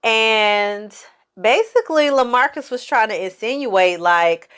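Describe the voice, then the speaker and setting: A woman's voice: medium pitch, a little slow, a bit bright, smooth. Chatty woman recapping a show. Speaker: film and TV recap host. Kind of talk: casual recap and review.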